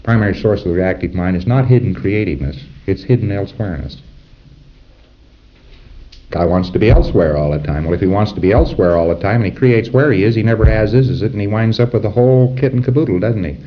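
Low-voiced man lecturing on dull tape. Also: fast talker. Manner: conversational, acts out dialogues and chuckles at his own examples. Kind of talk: informal lecture to trainees.

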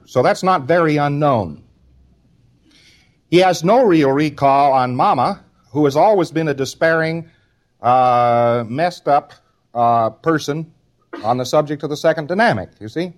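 A man delivering an informal spoken lecture in a conversational, wry manner, now and then acting out short quotes. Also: a little high.

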